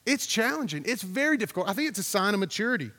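A man's voice: high voice, big pitch swings, racing, sharp tone, long reverb tail. A man preaching a sermon as a pastor, talking in a conversational, storytelling way, repeating himself and putting questions to the congregation.

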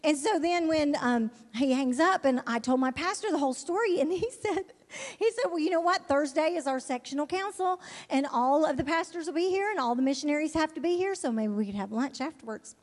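A woman from Alabama telling a lively testimony as a missionary, laughing often and acting out the people she quotes. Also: sits high, a little fast. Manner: animated, laughs often, acts out quoted voices. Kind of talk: storytelling testimony to an audience. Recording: long hall reverb.

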